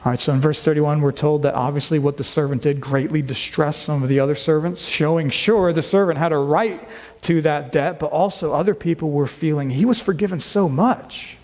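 Emphatic preacher in an echoing hall. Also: male voice, a little high, darkish tone. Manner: earnest, emphatic preaching with slow stressed words. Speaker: pastor. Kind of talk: sermon. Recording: long reverb of a large hall.

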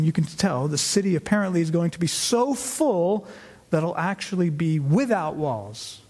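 A man's voice: fairly high pitch, darkish tone, breathy edge. A man teaching a Bible study, explaining the verses step by step and asking and answering his own questions.

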